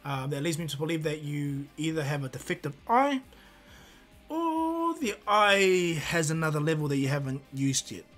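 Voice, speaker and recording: A man's voice: a little high, sing-song, moderate pace, a bit bright, soft background music. A man voicing a cocky young male ninja hero, brash and bossy. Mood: confident.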